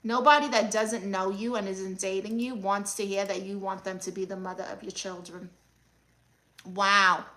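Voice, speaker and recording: A woman playing a brash, sassy aunt who hosts a livestream, reading viewer comments with deadpan scolding. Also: mid-range voice, moderate pace, pitched below the performer's own voice, lightly acted. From Brooklyn, New York. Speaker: comedic livestream host character. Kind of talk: mockumentary livestream comedy.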